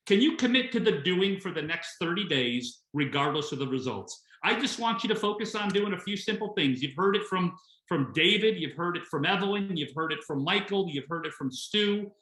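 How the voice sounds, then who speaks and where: A man's voice: sits high, lively intonation, normal speed, a bit bright, reverberant, poor audio. A man speaking as company president in a motivational webinar, emphatic and full of rhetorical questions and repeated phrases. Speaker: company president addressing distributors.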